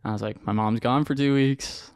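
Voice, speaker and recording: A young man, a podcast guest, telling his story in an animated, slangy way with lots of acted-out quotes. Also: mid-range voice, moderate pace, creaky, smooth, no echo, clean studio sound. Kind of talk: casual storytelling interview.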